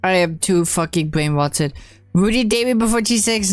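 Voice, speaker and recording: A woman's voice: mid-range voice, moderate pace, no echo, faint music behind. A young woman streamer chatting casually on a live stream, blunt and teasing, swearing often.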